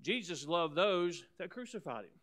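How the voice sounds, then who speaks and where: Man, pastor, sermon, emphatic, repeats himself, slightly higher voice. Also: very animated, moderate pace. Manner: emphatic, repeats words, swings loud and soft.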